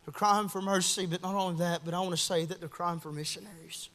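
Young preacher, bright and ringing, impassioned delivery with a long church echo. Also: male voice, sits high, fairly quick, few pauses. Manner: impassioned, swings from shouting to hushed. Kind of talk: fiery sermon. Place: church at a Wednesday night service.

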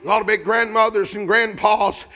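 A man preaching a fervent revival sermon, shouting in a rising cadence. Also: sits high, steady tone, normal speed.

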